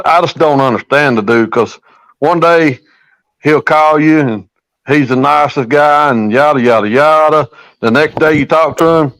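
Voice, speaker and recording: A man's voice: mid-range voice, no echo, poor audio. Fishing guide, cussing his way through a story, dry close sound. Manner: profane, folksy, animated anecdote. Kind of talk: casual storytelling.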